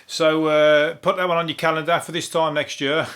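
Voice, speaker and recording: A man from Birmingham with a broad Brummie accent talks through a solo comedy podcast. He rambles loosely, chuckles at his own jokes and drops dry, deadpan swears. His voice sits a little higher than most men's. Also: normal speed, clear, resonant tone. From Birmingham, England. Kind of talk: casual topical comedy monologue.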